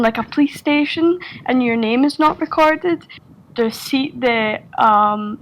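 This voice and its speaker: A woman's voice: a little high, low-quality recording. A woman with a Scottish accent chatting casually on a group voice call, rambling with lots of fillers, restarts and swearing. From Scotland. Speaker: Discord server member.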